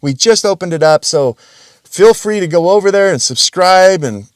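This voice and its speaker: A man's voice: high-pitched, expressive, moderate pace, clean tone, dry recording, studio quality. Blunt, swearing male podcast host. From Russian family background. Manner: blunt, rambling, swears freely. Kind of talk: casual solo podcast monologue.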